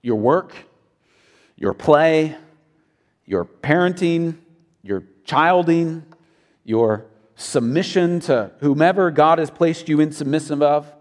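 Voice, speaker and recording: A man's voice: on the high side, expressive, takes it slowly, pauses often, long reverb tail. A man preaching a sermon as pastor, earnest and building to emphatic peaks.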